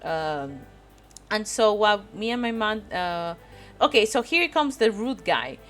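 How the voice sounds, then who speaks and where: A woman's voice: medium pitch, sing-song, slow pace, fairly bright tone, soft background music. A woman from Spain with a Spanish accent, casually telling a rambling story on stream and often breaking into giggles. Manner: rambling, giggly, frequent laughter.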